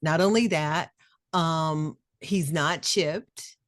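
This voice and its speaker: A middle-aged woman with a fairly low voice tells a personal story on a podcast. She talks casually and with feeling, and acts out the people she quotes. Her voice sounds close and dry, with no room echo. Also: extremely slow. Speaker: podcast co-host.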